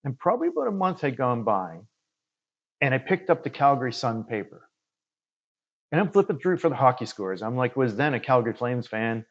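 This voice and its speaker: A man from Canada, a guest medium, telling a story in casual conversation and acting out the dialogue with lively quoted voices. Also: medium pitch, fairly quick, highs cut off. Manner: animated storyteller who acts out quoted dialogue.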